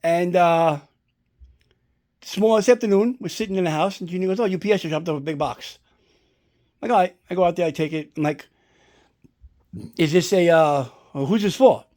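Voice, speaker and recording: A man's voice: sits high, fast, long pauses, darkish tone. Rambling, foul-mouthed man telling a story. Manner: rambling storyteller, swears a lot, "blah, blah, blah". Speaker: collector showing a movie prop. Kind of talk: casual unboxing vlog. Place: indoors at home.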